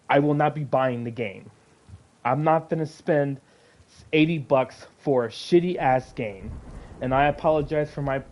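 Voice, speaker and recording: A man's voice: mid-range voice, a little mellow. A man hosting his own gaming and comics channel, ranting angrily to camera, swearing, sighing often and dropping to mutters between outbursts. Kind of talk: angry profane rant to camera.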